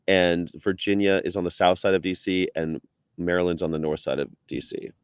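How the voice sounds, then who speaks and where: A man's voice: level tone, moderate pace, clear, resonant tone, no room sound. Chatty man with a dry, close sound. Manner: chatty, laughs often, slips into high mock voices for quotes. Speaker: co-host of a live stream. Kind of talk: casual chat.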